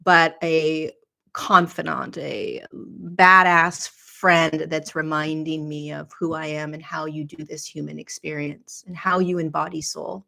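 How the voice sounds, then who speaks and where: Gravelly-voiced woman telling a confessional story. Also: deep voice, steady tone, measured pace, pushed and bright. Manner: earnest and confessional. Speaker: podcast host. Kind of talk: personal spiritual storytelling.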